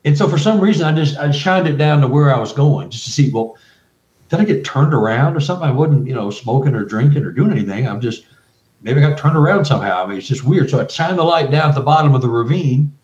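A man, a guest researcher and author, telling an excited story full of quoted dialogue and restarts. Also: medium pitch, fast talker. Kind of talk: animated storytelling. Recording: roomy, distant, dull remote audio.

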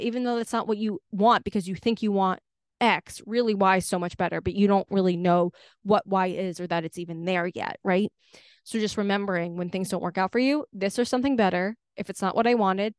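A woman's voice: mid-range voice, no room sound, studio quality. A young woman hosting a solo podcast, chatty and upbeat, filling her talk with "like" and "right?". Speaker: podcast host.

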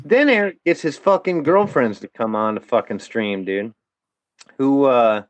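A man's voice: mid-range voice, normal speed, no echo. A man telling a long story as a podcast guest, swearing constantly and tossing in "dude" and "bro". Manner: profane, animated, peppers speech with "dude" and "bro". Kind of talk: casual storytelling.

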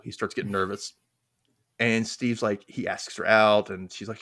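A man's voice: on the low side, moderate pace, dry recording, clean studio sound. A man hosting a podcast, recapping a sitcom episode in casual chat and acting out the characters' lines. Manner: animated, acts out scenes in quoted voices. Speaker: podcast host.

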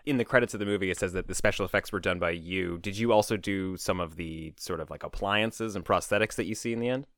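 A man's voice: sits low, quick pace, hardly any pauses, fairly bright tone, no room sound, clean studio sound. A man hosting a casual interview, asking questions enthusiastically with lots of fillers. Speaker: podcast host.

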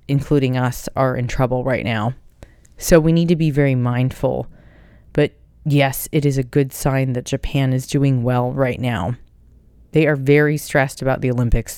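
A woman's voice: very deep voice, steady tone, unhurried, warm tone, clear, resonant tone, no echo, clean studio sound. A woman hosting a casual solo podcast, reading out listener questions in a blunt, profane, upbeat way. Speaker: podcast host.

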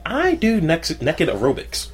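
A man's voice: fairly high pitch, wildly swooping pitch, measured pace, soft background music. A man co-hosting a podcast in crude, rambling, joking casual chat. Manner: rambling, profane, jokey. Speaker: co-host.

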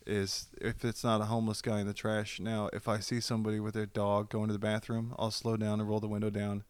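A man co-hosting a casual comedy podcast, telling stories with lots of laughs and loud comic voices. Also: fairly low pitch, completely flat delivery, a little fast, clean tone, no echo. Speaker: podcast co-host.

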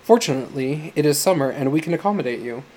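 Man doing a hotel manager, fawning, smooth, eager to please, audiobook. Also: on the high side, animated, quick pace, a little mellow, slight background noise, natural voice. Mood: obsequious. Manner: smooth, accommodating.

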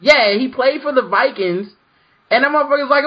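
A man hosting a podcast in casual chat, animated, acting out quotes in a raised voice. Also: very high-pitched, moderate pace, breathy edge, dull audio. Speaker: podcast host.

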